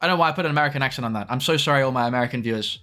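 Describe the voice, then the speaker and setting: A young man chatting casually on a live stream, with quick asides to his chat. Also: medium pitch, bright, forceful tone, faint music behind.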